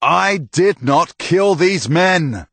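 A man's voice: medium pitch, takes it slowly, dry recording, voice pushed up, close to an everyday voice. Man doing an earnest young knight. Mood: pleading.

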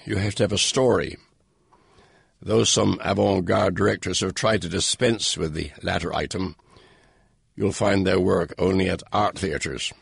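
An older man reading his own foreword to an audiobook in a dry, wry, unhurried manner. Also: deep voice, creaky, slightly rough, no echo. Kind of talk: read-aloud personal foreword.

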